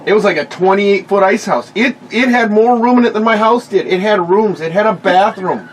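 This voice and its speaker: A man with a somewhat high voice who chats casually and drops teasing wisecracks. He sounds set back from the microphone, and faint noise hangs in the background. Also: fairly quick, distant mic, low-quality recording. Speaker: podcast co-host. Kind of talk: casual chat.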